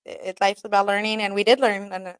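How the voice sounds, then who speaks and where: Her voice sits at medium pitch, brisk and smooth but flat in delivery, with no room sound. She's a talk radio host chatting casually and candidly, cursing, laughing often, and quoting herself in skits.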